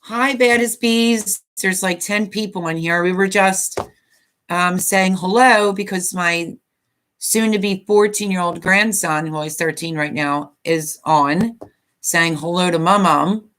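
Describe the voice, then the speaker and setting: Woman, 50s, low-ish voice, casual live-stream host, chatty, rambling, reads out comments. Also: takes it slowly, a bit bright.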